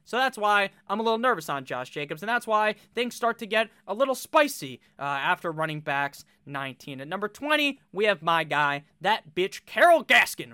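A man gives fast, blunt fantasy football commentary, reeling off statistics and swearing casually. His voice sits a bit high and sounds bright and forceful. The recording is dry and close, with no room echo. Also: smooth.

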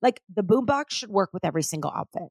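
A middle-aged woman talks through a casual solo podcast episode, loose and animated. She drops "like" constantly, swears freely and slips into other people's voices to act out what they said. Her voice sits at an ordinary pitch, recorded dry and close with no room sound. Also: quick pace, dry recording. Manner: chatty and animated, many "like"s and swearing, acts out others' lines. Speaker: podcast host.

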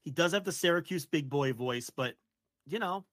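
A man co-hosting a wrestling podcast, opinionated and quick to rant, swearing casually. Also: fairly high pitch, lively intonation, fairly bright tone, dry recording. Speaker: podcast co-host.

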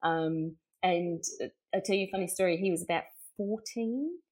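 A woman's voice: fairly low pitch, moderate pace, a little mellow. A middle-aged woman with an Australian accent, telling personal stories as a guest in a casual chat, laughing often and acting out what people said. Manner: chatty, laughing, acts out quotes. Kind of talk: casual anecdotal storytelling.

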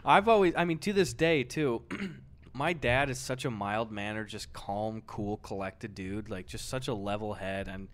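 A man's voice: fairly low pitch, unhurried. A young man co-hosting a podcast, telling easygoing stories with a chuckle in his voice. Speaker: podcast co-host. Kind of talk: casual chat.

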